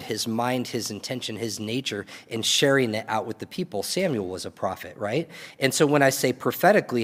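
A man preaching a sermon as pastor, earnest and pleading, building to emphatic peaks. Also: medium pitch. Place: church hall. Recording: long reverb of a church hall.

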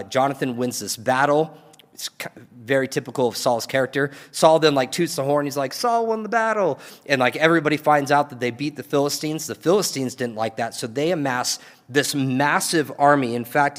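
Casual-talking preacher man in a hall. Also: medium pitch. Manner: casual storytelling preaching with asides. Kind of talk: sermon.

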